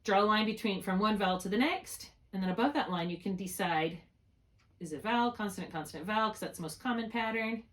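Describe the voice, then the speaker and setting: A woman's voice: medium pitch, quick pace, fairly bright tone. Woman tutor on a video call, patient and methodical, mid-range voice, slightly distant from the laptop mic. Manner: patient, explains step by step with check-in questions. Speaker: reading tutor. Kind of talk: one-on-one spelling lesson. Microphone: laptop mic, held while writing.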